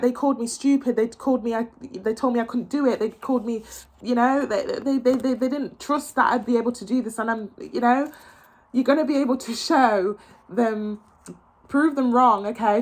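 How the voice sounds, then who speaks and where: A fairly high-voiced young woman hosts a casual tarot reading to the camera. She talks in an emotional, encouraging way, circling back over her words and restarting her sentences as she goes. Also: a little fast. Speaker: tarot reader.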